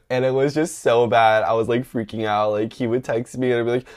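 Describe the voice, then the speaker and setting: A man's voice: normal speed, long pauses. A young man telling a story in a casual chat, sassy and dramatic, laughing often and full of fillers. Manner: animated, laughing, mimics others in high-pitched voices. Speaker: podcast host telling a story.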